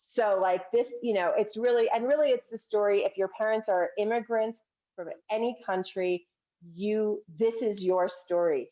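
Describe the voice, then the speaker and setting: A chatty, earnest woman, talking about her film as a guest on a video call. Her middle-pitched voice comes through dull, lo-fi call audio. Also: moderate pace, dark tone. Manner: chatty, earnest storyteller with many fillers. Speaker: filmmaker guest. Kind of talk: casual interview chat.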